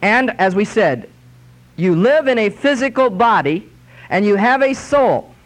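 A man preaching a sermon in a fairly high voice. He drives scripture home with emphatic, drawn-out phrases that climb in pitch, then drops back into plain storytelling. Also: lively intonation. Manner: emphatic, slowing and rising on scripture quotes.

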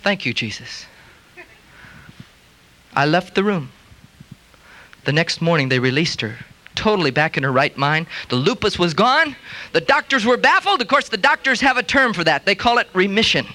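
A middle-aged man preaching a sermon as pastor, animated, acting out the voices of other people as he tells stories. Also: high voice, normal speed.

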